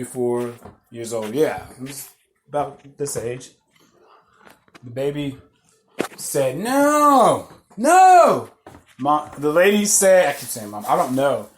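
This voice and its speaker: A man hosting a podcast, rambling through casual stories, swearing freely and laughing at himself. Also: fairly high pitch. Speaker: podcast host. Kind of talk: casual storytelling monologue.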